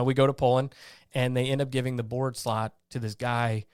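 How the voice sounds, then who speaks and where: A man's voice: mid-range voice, moderate pace, smooth, no echo, studio quality. A man being interviewed as a guest, an army veteran telling blunt stories in a casual way and acting out what he and others said. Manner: animated storyteller who acts out his own past lines; blunt, salty.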